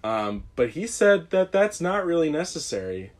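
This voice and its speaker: A man's voice: a little high, big pitch swings, normal speed. A young man casually telling a rambling, self-deprecating story on a podcast, often laughing. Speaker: guest.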